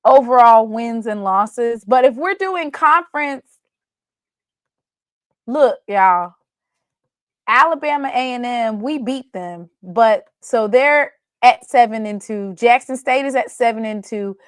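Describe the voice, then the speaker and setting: A woman hosting a casual sports show, excitable and answering chat commenters by name. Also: a little high, takes it slowly, dry recording, studio quality.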